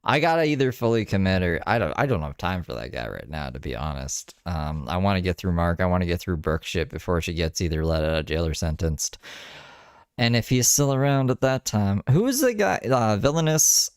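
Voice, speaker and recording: Man, streamer commentary, casual and profane, rambling asides, smooth resonant tone. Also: sits low, sing-song, brisk, no room sound, clean studio sound. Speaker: streamer commentating on a livestream clip.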